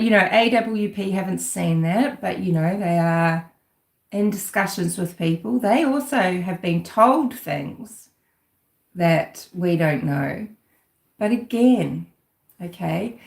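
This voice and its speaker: A woman's voice: mid-range voice, gravelly. Rambling, sarcastic woman in an echoey room. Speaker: true-crime commentator. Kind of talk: casual livestream commentary. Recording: roomy echo.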